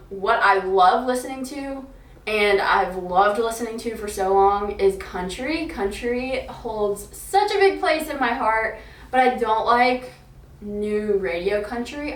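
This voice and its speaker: A woman's voice: mid-range voice, fairly bright tone, roomy sound, recorded from a distance, low-quality recording. A young woman from Alabama with a light Southern accent, chatting casually to camera in a vlog, upbeat and giggly with lots of ums and likes. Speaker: fitness influencer.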